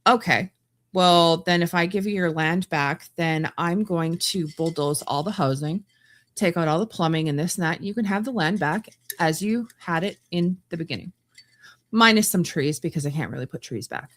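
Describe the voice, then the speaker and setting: A woman's voice: lowish voice, moderate pace, a bit bright. A woman from Canada hosting a podcast, ranting bluntly with exasperated stumbles and restarts. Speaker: podcast host. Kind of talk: opinionated solo commentary.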